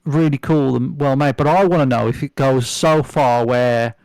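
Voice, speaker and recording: A man's voice: mid-range voice, normal speed, creaky, darkish tone, no room sound. A man chatting casually as a podcast guest, rambling with lots of fillers, restarts and swearing. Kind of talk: casual chat.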